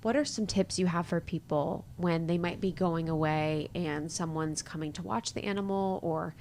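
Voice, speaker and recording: A woman podcast host with a slightly lower-than-average voice, talking in a casual, friendly way. She asks questions easily and grows lively and animated when she gets into her own anecdotes. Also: moderate pace, slight background noise. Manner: chatty and animated when telling stories.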